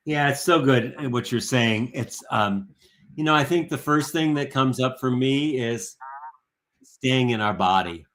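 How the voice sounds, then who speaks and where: A man's voice: medium pitch, measured pace, a bit bright. A man in casual conversation, speaking reflectively with frequent restarts. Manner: reflective, searching, many restarts.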